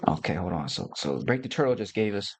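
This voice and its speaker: A man's voice: lowish voice, sing-song, a little fast, slightly rough. A middle-aged man hosting a casual livestream, talking to viewers in a loose, playful, slangy way. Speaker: host.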